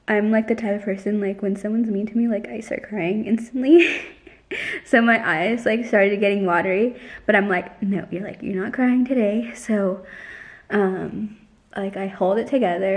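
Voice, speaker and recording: A young woman vlogging casually, telling a story in a chatty way with lots of "like" and acting out the lines of others. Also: mid-range voice. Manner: chatty, heavy use of "like", retells dialogue.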